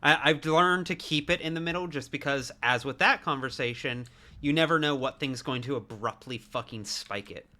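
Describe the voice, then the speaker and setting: A man's voice: mid-range voice, moderate pace, pushed and bright. A man chatting casually with friends during a game stream, laughing often and swearing freely. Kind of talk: casual gaming chat with friends.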